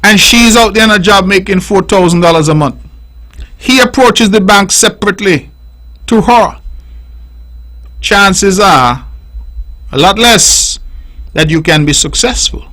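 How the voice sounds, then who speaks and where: A man's voice: high-pitched, measured pace, long pauses, sharp tone, low-quality recording. A middle-aged man with a Nevisian accent, hosting radio call-in commentary in an emphatic, repetitive, preaching way on a studio microphone. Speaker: radio talk show host.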